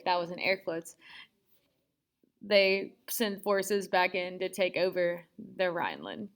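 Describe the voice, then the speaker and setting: A woman's voice: on the low side, lively intonation, takes it slowly. A woman teaching a history lesson in a chatty, casual way, full of sarcastic asides. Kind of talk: casual classroom lecture.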